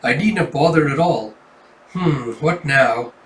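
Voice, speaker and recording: A man voicing a prim, formal older male schoolmaster, speaking in a stiff, measured, proper way while reading a comic aloud. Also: a little high, a bit bright. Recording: roomy, distant mic.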